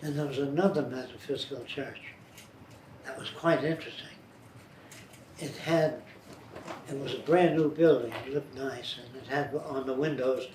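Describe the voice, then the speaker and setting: A man's voice: mid-range voice, fairly even intonation, normal speed, a little mellow. An older man being interviewed, telling blunt, rambling life anecdotes. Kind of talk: biographical storytelling. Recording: roomy, distant, faint noise.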